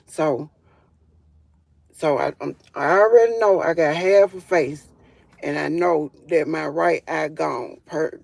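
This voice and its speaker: A woman's voice: sits low, creaky, darkish tone, slightly rough. A woman telling her own story in a casual live stream on her phone, emphatic, with frequent fillers. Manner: emphatic, with frequent fillers like "or whatever" and "you feel me".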